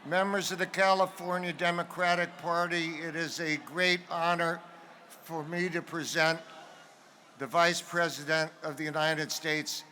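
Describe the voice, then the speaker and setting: A man's voice: on the high side, flat delivery, sharp tone, slight background noise. A man chairing a convention, calling the room to order and introducing the speaker. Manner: calls the room to order, drawn-out delivery. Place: large convention hall.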